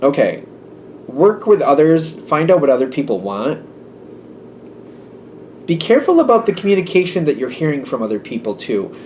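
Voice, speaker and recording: A man's voice: on the high side, very animated, moderate pace, long pauses, darkish tone, slight background noise. A man giving a casual tarot reading, rambling and thinking aloud, acting out little quoted exchanges. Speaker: tarot reader.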